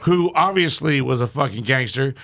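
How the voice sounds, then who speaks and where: Brief: gravelly male storyteller, profane, animated guest. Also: mid-range voice, moderate pace. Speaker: podcast guest. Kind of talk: comic storytelling.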